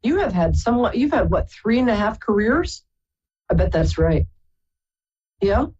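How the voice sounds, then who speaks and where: A woman's voice: mid-range voice, very animated, unhurried, darkish tone, husky, muffled recording. A woman from Brooklyn, hosting a live call-in psychic reading and calling callers darling and sweetheart. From Brooklyn, New York. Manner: affectionate, chatty, calls people darling and sweetheart. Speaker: psychic radio host.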